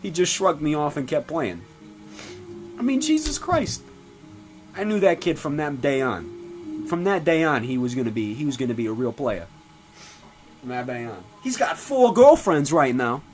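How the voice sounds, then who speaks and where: A man's voice: moderate pace, pauses often, soft background music. A man playing a foul-mouthed, brash middle-aged father in a comedy sketch, rambling and ranting with lots of swearing. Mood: boasting. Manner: profane rambling rants with animated pitch swings. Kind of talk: comedy sketch character monologue.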